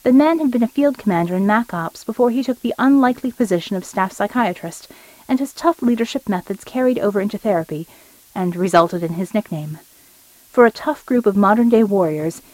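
A woman reading an audiobook story in a steady, measured narration. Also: medium pitch, dry recording, low-quality recording.

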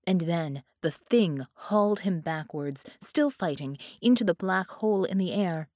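A woman narrating an audiobook in measured, dramatic storytelling. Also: on the low side, expressive, darkish tone, no room sound, studio quality.

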